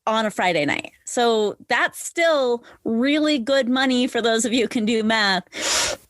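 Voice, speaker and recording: A woman's voice: on the high side, lively intonation, measured pace, fairly bright tone, no echo, studio quality. A woman guest on a podcast chatting frankly and laughing often, joining over a video call. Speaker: podcast guest, former dancer. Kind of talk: casual interview chat.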